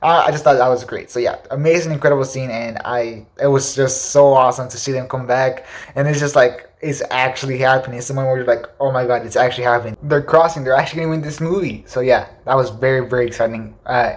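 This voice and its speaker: A young man giving casual, excitable movie commentary, gushing with repeated words and fillers. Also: mid-range voice. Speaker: movie reviewer.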